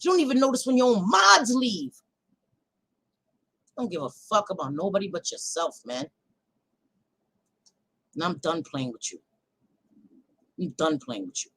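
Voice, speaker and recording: A woman hosting a livestream, ranting to her chat in a heated, profane casual way that swings between loud outbursts and quieter stretches. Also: lowish voice, sing-song, unhurried, pauses often, husky, poor audio. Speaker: livestream host.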